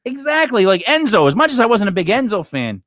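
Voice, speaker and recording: Male co-host, high and lively voice, opinionated rant, dry close sound. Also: fast, no room sound. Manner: animated, ranting, opinionated. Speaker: wrestling podcast co-host. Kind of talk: casual live-stream chat.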